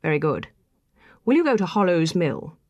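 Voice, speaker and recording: A woman's voice: lowish voice, sing-song, normal speed, no room sound. A woman reading the part of a stern middle-aged clergyman who talks brusquely, like an officer chiding his men. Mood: commanding.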